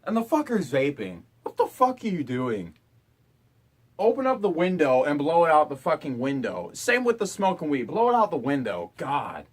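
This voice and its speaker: A young college guy vents to the camera from his dorm room, cursing constantly in an exasperated rant. His voice sits a bit high for a man and leaps all over the place, from low grumbles to sharp outbursts. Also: sing-song, moderate pace, husky. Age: young adult. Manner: profane, exasperated ranting. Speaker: college student vlogger. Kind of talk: ranting vlog.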